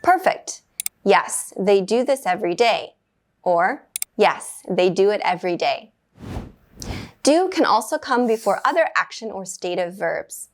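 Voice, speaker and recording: Woman reading a beginner grammar lesson, clear and measured, perks up on the praise bits. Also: medium pitch. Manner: clear, measured, with bright upbeat praise words. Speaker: English teacher.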